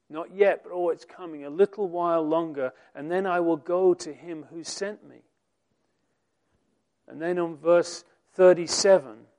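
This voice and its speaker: A man preaching a sermon, reading scripture aloud and swelling loud and slow on the quoted lines. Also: sits high.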